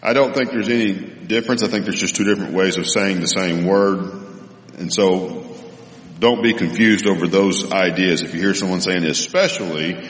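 Man, low voice, Bible teacher, explaining with pauses, roomy hall with long reverb. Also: steady tone. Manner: thoughtful, explanatory, with many pauses and fillers. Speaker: preacher answering Bible questions. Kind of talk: Bible lesson.

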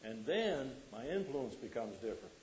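A man's voice: medium pitch, big pitch swings, normal speed, darkish tone, lo-fi sound, a little hiss or hum. A man preaching a sermon to a congregation, quoting scripture and putting questions to the listeners.

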